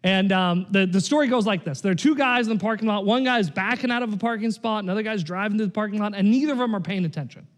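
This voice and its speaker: A man's voice: sits high, quick pace, hardly any pauses. A man preaching a sermon in a loose, conversational way, often checking in with "right?" and "like". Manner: conversational, animated, frequent "right?" and "like". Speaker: pastor.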